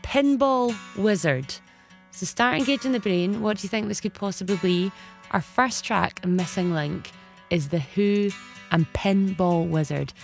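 A woman's voice: medium pitch, unhurried, gravelly, soft background music. A Scottish woman hosting a late-night radio show from the studio, chatting casually and laughing easily at her own slips. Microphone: studio microphone.

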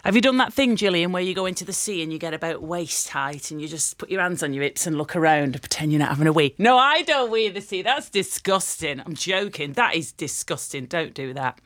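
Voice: medium pitch, quick pace, few pauses, fairly bright tone, no room sound. A radio presenter in casual on-air chat, laughing at their own stories and drifting off on tangents. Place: radio studio.

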